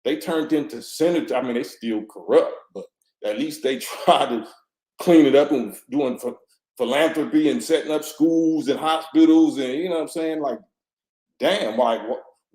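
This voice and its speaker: A man's voice: medium pitch, normal speed, mellow. A man speaking with fervent conviction, like a street preacher, with his mid-range voice and frequent restarts. His slangy phrasing keeps circling back. The sound bounces around a roomy, echoing space. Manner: preachy and fervent, with street slang and many 'you know what I'm saying'; repeats himself and restarts often. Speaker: interview guest. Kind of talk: impassioned conversational monologue.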